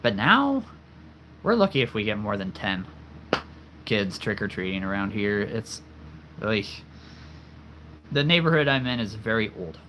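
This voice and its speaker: A man's voice: fairly low pitch, animated, moderate pace, long pauses, fairly bright tone, a little hiss or hum. A man chatting casually on a livestream, answering viewers with frequent laughter while losing his voice. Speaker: livestream host.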